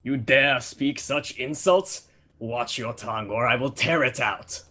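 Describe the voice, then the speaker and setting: Played by a man with a Russian accent, a savage, proud Draken warrior speaks at a measured pace in a sharp, medium-pitched, menacing voice. He boasts of slaughter and growls threats at anyone who doubts him, heard through a gamer's voice chat headset.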